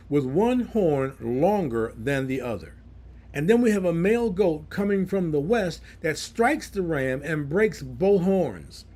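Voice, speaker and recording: Animated high-voiced male preacher. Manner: explains scripture verse by verse in plain words. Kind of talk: Bible teaching sermon.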